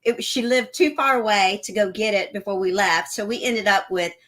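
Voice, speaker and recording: A middle-aged woman co-hosting a live chat, tossing in quick asides and agreeing remarks. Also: mid-range voice, fairly bright tone. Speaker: livestream co-host.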